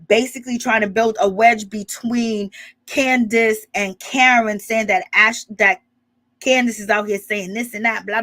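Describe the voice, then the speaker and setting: A woman's voice: fairly high pitch, a bit bright. A woman chatting casually as she recaps a reality show, gossipy and rambling, full of asides and "you know"s. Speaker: reality TV commentator.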